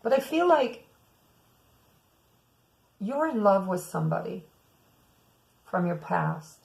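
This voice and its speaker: A woman's voice: medium pitch, very animated, takes it slowly, vocal fry, darkish tone, rough recording. A woman giving a weekly tarot reading, musing aloud and speaking to her viewers as "some of you.". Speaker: tarot reader.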